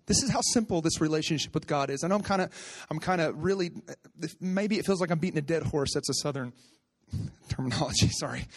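Animated high-voiced male pastor preaching. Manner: animated, builds to loud excited peaks, laughs at himself; conversational storytelling with repetitions. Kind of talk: sermon.

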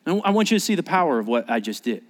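Animated preaching man in a reverberant hall. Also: fairly high pitch, very fast. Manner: animated, acts out scenes, restarts words. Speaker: pastor. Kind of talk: sermon.

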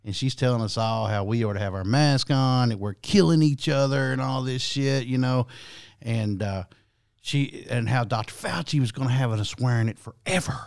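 A man's voice: medium pitch, normal speed. A man, hosting a podcast and telling a long profane story with many restarts. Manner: rambling, profane, frequent restarts. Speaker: podcast host. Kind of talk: casual storytelling.

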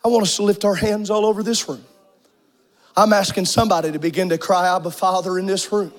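Brief: male preacher in church, striking very high pitch, impassioned sermon that swells into shouts and sung phrases. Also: steady tone, fairly quick. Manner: emphatic, shouting, half-singing cadence. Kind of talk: fervent sermon.

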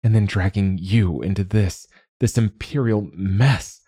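A man voicing an earnest, heartfelt young woman librarian, speaking in a halting, emotional way. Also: fairly low pitch, mellow, husky, dry recording, studio quality.

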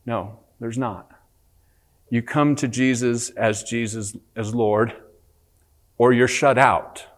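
A man in his thirties preaching to his church, his voice sitting at a middle pitch. He speaks earnestly and pushes up in pitch and volume to drive a point home, then drops low and quiet for sober truths. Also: takes it slowly. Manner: earnest preaching, rising for emphasis, animated storytelling. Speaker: pastor. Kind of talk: sermon.

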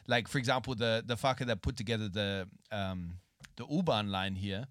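A man's voice: fairly low pitch, normal speed, fairly bright tone, dry recording, studio quality. An Australian man co-hosting a podcast, chatting casually, joking and swearing freely. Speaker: podcast co-host. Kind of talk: casual chat.

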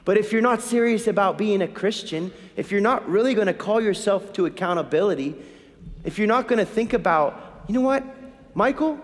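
A man's voice: high-pitched, fairly quick, big-room sound. A man preaching a sermon as a Catholic priest, urgent and questioning, repeating lines for emphasis. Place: church.

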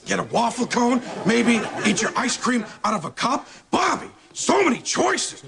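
A man doing a squeaky, gravelly eager friend. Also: moderate pace, a crowd in the background, heavily acted. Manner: excitable, repeats the name Bobby. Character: eager friend pestering Bobby about ice cream. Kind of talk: comedy sketch.

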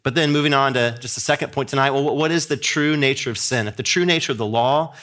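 A man's voice: mid-range voice, fast talker, fairly bright tone. Man preaching an earnest sermon. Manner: earnest, emphatic preaching with repeated restarts.

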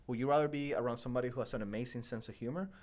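Young man, podcast host, casual chat, rambling, self-mocking, mid-pitched. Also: very fast, a little mellow. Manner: rambling, self-deprecating storytelling with many fillers.

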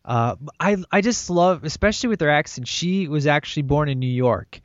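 A man's voice: fairly high pitch, lively intonation, normal speed, no room sound. Enthusiastic rambling man, dull dry recording. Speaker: podcast co-host discussing a film. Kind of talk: casual chat.

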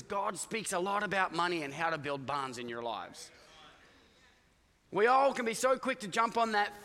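A man's voice: high voice, long reverb tail. A man preaching a sermon to his congregation, joking and acting out characters as he tells stories. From Iowa, United States. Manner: animated, joking storyteller acting out voices. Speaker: pastor. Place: church auditorium with congregation.

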